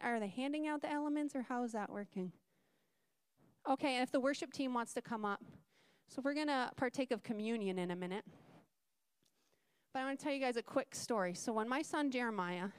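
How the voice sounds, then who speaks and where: A woman with a high, bright voice delivers a sermon in church, and her telling is lively, with acted-out voices. The sound is dry and close. She comes across as middle-aged. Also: clear, resonant tone, no echo. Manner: animated storytelling, acting out voices. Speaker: preacher.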